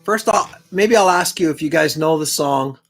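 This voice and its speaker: A man's voice: fairly high pitch, moderate pace, fairly bright tone, soft background music. Rambling, joking man. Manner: rambling, joking, self-deprecating. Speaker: live stream host. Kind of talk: casual live chat.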